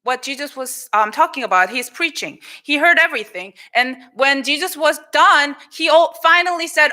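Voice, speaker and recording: Animated Korean-accented woman preaching to children. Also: high-pitched, moderate pace, few pauses. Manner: animated, acts out quoted lines; switches between English and Korean. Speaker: pastor. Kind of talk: children's sermon. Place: church sanctuary.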